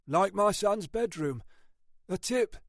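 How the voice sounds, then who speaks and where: A man's voice: high voice, animated, slow, no echo, studio quality, voice pushed up, full character voice. A man reading an audiobook, voicing a skeptical, plain-spoken male police colleague with an offhand manner.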